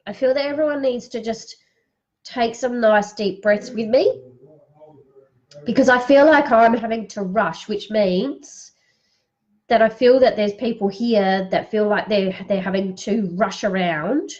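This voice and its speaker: A woman giving a psychic reading on a live stream, tearful, speaking in a slow, soothing way as she guides breathing. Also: a little high, darkish tone, lo-fi sound.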